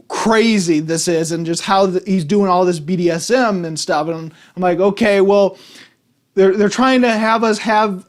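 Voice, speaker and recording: A man giving a casual, rambling film review, exasperated and full of restarts. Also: sits high. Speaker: movie reviewer.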